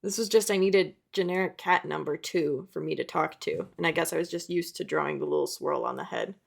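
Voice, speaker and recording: Chatty self-mocking young woman with fry. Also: low-pitched, fairly quick. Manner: chatty, self-mocking, laughs at her old drawings. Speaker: art vlogger. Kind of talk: casual sketchbook tour narration.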